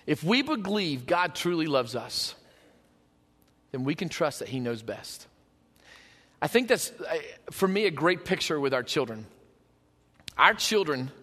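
A man preaching a sermon, emphatic and passionate, stacking repeated phrases and dropping from loud to hushed. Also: fairly high pitch, big-room sound. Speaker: pastor.

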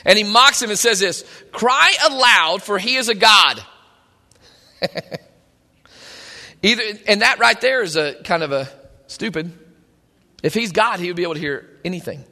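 A man's voice: sits high, animated, normal speed, pauses often, sharp tone, in a large hall. A man preaching a sermon, reading scripture and retelling it in casual modern speech.

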